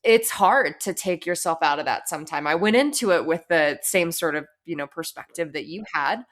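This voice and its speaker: Host, woman in her thirties: low pitch, casual, reflective, asks long questions. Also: lively intonation, normal speed. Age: 30s. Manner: reflective, rambling questions with many likes. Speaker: podcast host. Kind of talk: casual interview chat.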